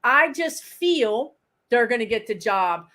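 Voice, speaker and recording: High-voiced woman, psychic medium guest. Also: slow pace. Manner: explains with everyday examples, lively quoted phrases. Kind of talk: casual live chat.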